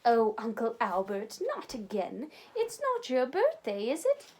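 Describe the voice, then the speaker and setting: A woman's voice: on the high side, wildly swooping pitch, unhurried, darkish tone, full character voice. A woman voicing a stern, prim nanny who speaks crossly, read aloud from a storybook.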